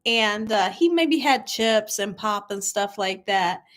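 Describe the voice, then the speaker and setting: A woman's voice: mid-range voice, expressive, takes it slowly. A middle-aged woman hosting a casual livestream, chatting with viewers, reading their comments aloud and telling stories with frequent laughter. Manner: chatty storyteller, laughs often, addresses viewers as y'all. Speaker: cooking channel host.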